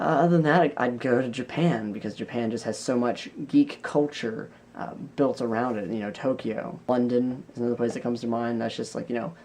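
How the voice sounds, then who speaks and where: A man's voice: medium pitch, gravelly, darkish tone, a little hiss or hum. A young man talking casually in a vlog, rambling loosely, with restarts and trailing thoughts. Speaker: vlogger.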